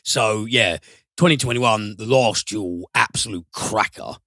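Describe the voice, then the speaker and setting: A man reviewing films on a podcast, animated and given to swearing and sudden high mimicry. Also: measured pace, no echo, clean studio sound. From United Kingdom. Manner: animated, swears, mimics voices with big pitch jumps. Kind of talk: casual podcast film review.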